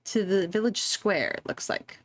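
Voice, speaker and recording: A woman's voice: medium pitch, moderate pace, dry recording. A woman streamer chatting casually and giggling as she plays a game, reading its text aloud. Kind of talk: casual gameplay commentary.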